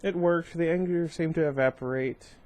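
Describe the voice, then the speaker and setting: A man's voice: on the high side, moderate pace, darkish tone. A man reading a novel aloud, stumbling now and then and breaking off for wry asides. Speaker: reader.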